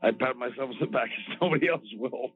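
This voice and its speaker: A man's voice: mid-range voice, fast talker. A man with a mid-range voice who teases his co-host in a dry, sarcastic way during a loose podcast chat. The recording is narrow and tinny, like a phone line. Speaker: comedian co-host.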